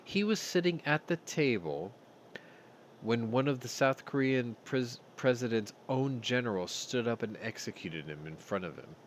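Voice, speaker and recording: A man's voice: mid-range voice, animated, normal speed, a little hiss or hum. A man hosting a news commentary show, talking bluntly with heavy profanity and open anger. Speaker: host.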